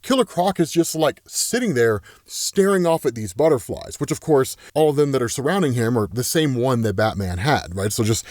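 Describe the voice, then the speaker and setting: Brief: chatty male comics host, lively swooping pitch, dry close mic. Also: normal speed, hardly any pauses, no echo. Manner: chatty, keeps asking "right?", laughs often. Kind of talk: casual comics recap.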